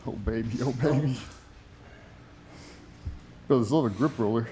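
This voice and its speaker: A man's voice: medium pitch, normal speed, a loud crowd. A man co-hosting a gym livestream, bantering and giving grip training tips in a bro-ish joking way. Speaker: co-host trainer. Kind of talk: casual banter and exercise tips.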